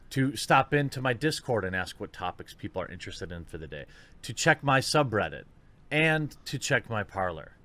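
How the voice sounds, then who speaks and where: A man's voice: mid-range voice, a bit bright. A man speaking an earnest, preachy video monologue, played from a recording. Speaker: video commentator.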